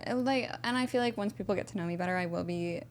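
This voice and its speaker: A woman's voice: lowish voice, fast talker, a little hiss or hum. A woman hosting a podcast in casual chat, supportive and encouraging, laughing along with her guest. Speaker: podcast host. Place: podcast studio.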